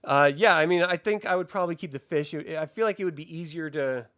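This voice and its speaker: A man's voice: a little high, fast, a bit bright. A man hosting a casual TV review chat, laughing often and swearing freely. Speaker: show host.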